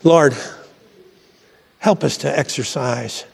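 A pastor preaching a sermon to his church, fervent and swelling to high exclamations. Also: takes it slowly, vocal fry, husky. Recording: long reverb from a church hall.

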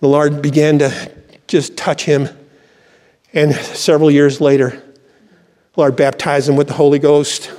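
A man's voice: a little high, flat delivery, a little slow, pauses often, darkish tone, long reverb tail. An older man, a pastor, preaching a sermon with fervent praise and storytelling, recorded in a church.

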